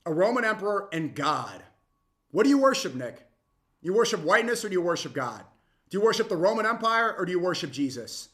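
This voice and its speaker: A young man reacting to a clip with heated, mocking commentary that swings suddenly loud. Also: high voice, very animated, brisk.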